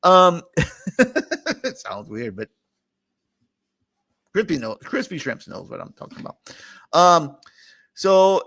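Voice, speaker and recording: A middle-aged man chats casually and rambles through his stream, laughing now and then. His voice sits a bit high for a man. The sound is dry and close, with no room around it. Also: wildly swooping pitch, slow, gravelly, pauses often, fairly bright tone, no room sound. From New Orleans area. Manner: rambling, chatty, laughs often. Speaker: host. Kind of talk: casual livestream chat.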